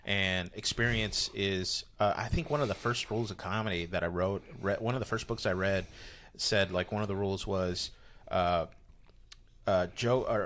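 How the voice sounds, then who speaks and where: A comedian chats on a podcast, rambling from one story to the next with restarts. His voice sits fairly low yet sounds bright and forceful. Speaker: comedian guest. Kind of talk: casual podcast chat.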